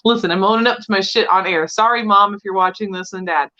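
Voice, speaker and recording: A young woman co-hosting a podcast, talking frankly and chattily about her own life. Her voice sits at a medium pitch. The sound is dull and lo-fi, like a remote call. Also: a little fast, pushed and bright. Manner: candid, chatty, laughs often. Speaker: podcast co-host. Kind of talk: casual chat.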